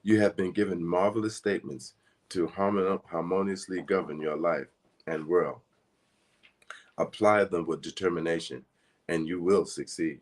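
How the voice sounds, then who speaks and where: A man's voice: low-pitched, fairly even intonation, moderate pace, darkish tone. A man giving a casual spiritual teaching talk, speaking earnestly in a rambling, conversational way.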